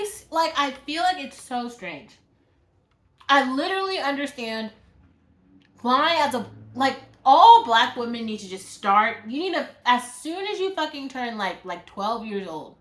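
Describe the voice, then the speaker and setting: A woman's voice: high-pitched, fairly bright tone. Exasperated woman ranting, roomy echo. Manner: exasperated, profane, many "like" fillers. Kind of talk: angry vlog rant.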